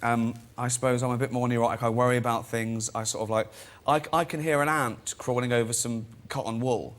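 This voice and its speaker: A man's voice: mid-range voice, steady tone, fairly quick. A man sits as a guest on a chat show, spinning self-deprecating anecdotes. He slips into the voices of the people he quotes and laughs at his own punchlines. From England. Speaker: guest comedian and director.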